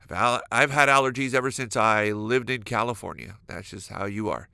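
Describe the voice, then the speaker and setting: A man hosting a solo comedic podcast, acting out imagined conversations with exaggerated, animated delivery. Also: lowish voice, moderate pace, gravelly, clear, resonant tone, no room sound, studio quality. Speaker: podcast host. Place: California.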